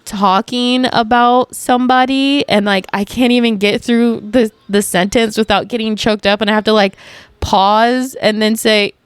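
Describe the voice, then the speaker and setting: Young woman vlogger, casual rambling chat, smooth clear voice, dry close sound, swears freely. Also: a little high, fairly even intonation, unhurried, no echo.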